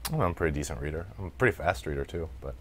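A man's voice: rumbling low, lively intonation, rapid-fire, fairly bright tone, slightly rough. An American man doing casual let's-play commentary as a gaming streamer, chatty, laughing often and swearing freely while he reads the chat. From United States.

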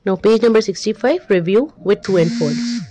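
A woman's voice: a little high, moderate pace, music in the background, low-quality recording. A woman, going through a maths workbook as a tutor, stating answers one by one and repeating them. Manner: plain step-by-step explaining, repeats answers. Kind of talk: workbook walkthrough lesson.

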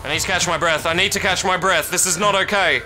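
A man streaming a horror game live, swearing a lot and yelling in panic between muttered asides. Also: sits high, fairly even intonation, quick pace, a little hiss or hum. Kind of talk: live horror gameplay commentary. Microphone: streaming mic.

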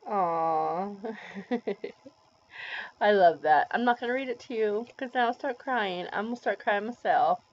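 A vlogger in her forties unboxes a package for a casual vlog, gushing and bubbly. Her voice is medium-pitched, and she takes it slowly with long pauses. The audio is a dull lo-fi home recording.

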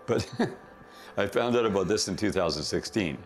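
A man's voice: on the low side, lively intonation, moderate pace. A man, a company founder, telling a rambling story in a casual interview, correcting himself often and laughing.

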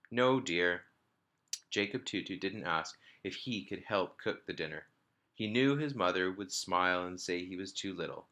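A man, a teacher, reading a children's book aloud to his class in a lively storytelling manner. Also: low voice, muffled recording. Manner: lively storytelling, small slips and restarts.

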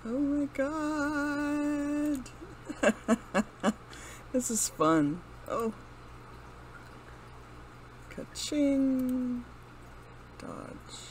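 Slow-talking woman playing a computer game. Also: high-pitched, slight background noise, low-quality recording. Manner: reads game commands aloud, laughs and exclaims. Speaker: gaming channel host. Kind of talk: casual let's-play commentary.

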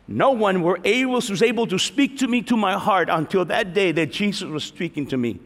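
A middle-aged man, preaching a lively sermon testimony as a pastor and acting out the voices in his story. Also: sits high, brisk, hardly any pauses. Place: large church hall. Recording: reverberant church hall.

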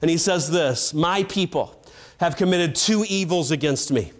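High-voiced preacher man with dramatic swings. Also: measured pace. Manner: dramatic revival preaching, builds to shouts then drops low. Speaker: evangelist preaching. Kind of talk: sermon.

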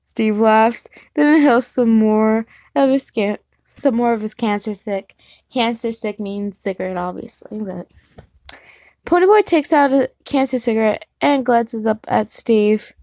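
A woman's voice: a little high, measured pace, darkish tone, no echo. Woman reader, casual and giggly, reads fan fiction with self-corrections, dry close mic. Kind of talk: reading fan fiction aloud.

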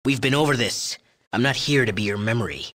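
For a video game, an actor with a natural, medium-pitched voice plays a young male drug chemist who is arrogant, crude, boastful and mocking. He talks a little fast with a fairly bright tone, sneering and profane.

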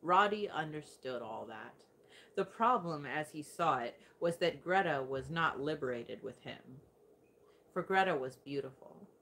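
A woman's voice: low voice, animated, a little slow, creaky, a bit bright, slight background noise. A woman reading a science fiction short story aloud, putting on voices for the characters. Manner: acts out several voices in the dialogue. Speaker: audiobook reader. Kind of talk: scripted narration of a short story.

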